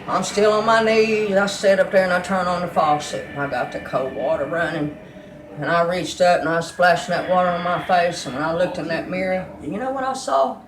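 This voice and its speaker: A woman's voice: lowish voice, roomy sound, low-quality recording. A woman giving a fervent, emotional religious testimony.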